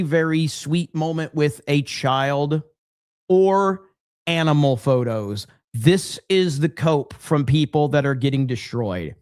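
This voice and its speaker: A man's voice: on the high side, clear, resonant tone, no echo, studio quality. A man hosting a podcast, talking casually and animatedly as he reacts to a video clip. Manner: animated, chatty, laughs and interjects. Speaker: podcast host.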